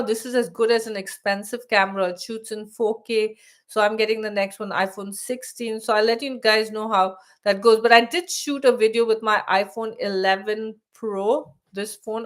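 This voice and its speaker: A woman's voice: mid-range voice, a bit bright. A middle-aged woman hosting her own channel in a casual live stream, chatty with many restarts, her voice wearing thin. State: losing her voice. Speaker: YouTube channel host. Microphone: live stream setup.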